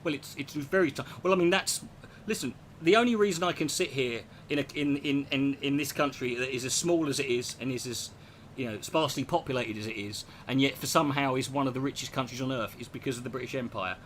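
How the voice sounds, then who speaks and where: A man hosting a podcast, telling stories in a rambling, profane and animated comic monologue. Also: mid-range voice, fast talker, slight background noise. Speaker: podcast host.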